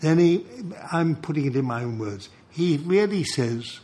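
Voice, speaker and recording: Slow, lively older male preacher. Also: a little high. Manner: animated, chuckles between points. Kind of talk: sermon with storytelling.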